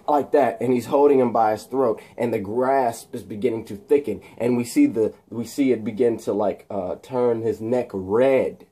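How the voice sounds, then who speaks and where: A man casually retelling a film plot, rambling with loose, looping phrasing. His voice is mellow and husky, at an ordinary pitch. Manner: rambling, many fillers and restarts. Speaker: storyteller.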